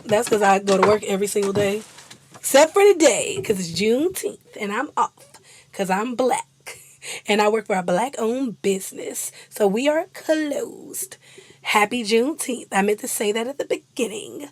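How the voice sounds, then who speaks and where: A woman's voice: mid-range voice, moderate pace, no room sound. Chatty young woman, dry close sound. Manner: chatty, animated, laughs often. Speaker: vlogger. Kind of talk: casual chat.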